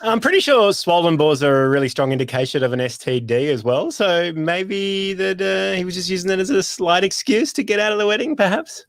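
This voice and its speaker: A man's voice: sits high, expressive, fairly quick, hardly any pauses, dry recording, clean studio sound. A man with an Australian accent hosting a comedy podcast, reading out segments in a wry tone and laughing along with guests. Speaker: podcast host.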